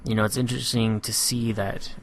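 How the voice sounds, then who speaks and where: A man giving a relaxed, analytical voice-over on his own competitive match, filling pauses with "you know". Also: medium pitch, a little hiss or hum. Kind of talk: gameplay commentary voice-over.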